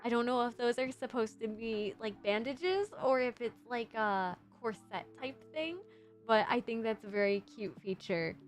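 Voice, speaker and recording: A woman's voice: a little high, normal speed, soft background music. A young adult woman streaming casually as a VTuber, rambling and giggling while reviewing designs. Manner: rambling, giggly, self-deprecating. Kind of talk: casual livestream chat.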